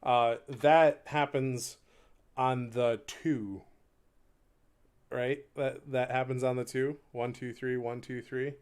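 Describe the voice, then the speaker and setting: A man's clear, resonant, darkish voice sits at medium pitch, fairly even in intonation, and he takes it slowly. Live-streaming his instrument practice, he chats casually with viewers, rambles, laughs at himself often, and counts beats aloud as he plays, a hurdy-gurdy droning faintly behind.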